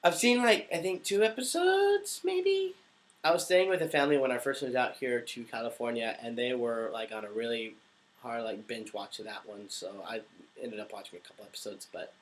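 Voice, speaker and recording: A young man, a voice actor, chatting casually on a live stream, reading out viewer questions and laughing often. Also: medium pitch. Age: young adult. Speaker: voice actor answering live chat.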